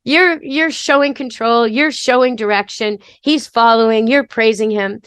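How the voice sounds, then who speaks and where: A woman pet expert talks through training steps in a practical, chatty manner. Her voice is fairly high. The recording is dry and close. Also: a little slow, a bit bright, smooth, dry recording. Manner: practical, chatty, gives step-by-step advice. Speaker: pet expert and podcast host. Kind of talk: casual instructional talk.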